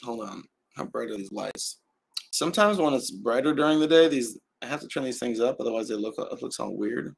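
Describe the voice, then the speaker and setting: A man hosting a casual live stream at home, talking in a relaxed, rambling way with frequent restarts. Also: medium pitch, brisk, creaky, slightly rough. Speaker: host. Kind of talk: casual livestream talk. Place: indoor home setup with adjustable lights. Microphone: camera mic on a live stream.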